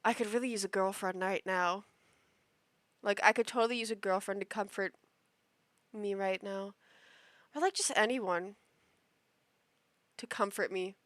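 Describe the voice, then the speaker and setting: A woman's impression of a sulky young man, low and mumbled, self-pitying, bright tone, dry close sound. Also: fairly even intonation, unhurried, pauses often, dry recording. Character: mopey young man pleading for sympathy.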